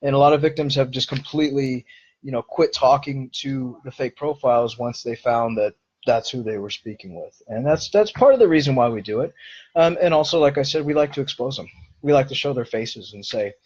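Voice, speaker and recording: A man's voice: medium pitch, expressive, fairly quick, darkish tone, slightly rough, highs cut off. A man hosting a live-streamed Q&A, answering viewer questions in an earnest, explanatory way.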